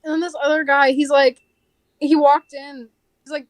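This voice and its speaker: A young woman co-hosting a podcast in casual chat, telling work stories in an animated way and acting out the people in them. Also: high-pitched, moderate pace, dry recording. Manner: animated storytelling, acts out quoted people. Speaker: podcast co-host.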